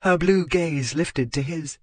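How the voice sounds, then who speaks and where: A man's voice: fairly high pitch, slow, darkish tone, dry recording. Man narrating an audiobook. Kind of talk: scripted romance narration.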